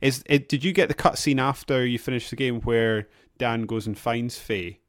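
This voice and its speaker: A man's voice: medium pitch, fairly even intonation, normal speed, no echo, studio quality. A man co-hosting a casual podcast, chatty, laughing often and trailing off mid-sentence. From England. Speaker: podcast co-host. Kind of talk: casual chat.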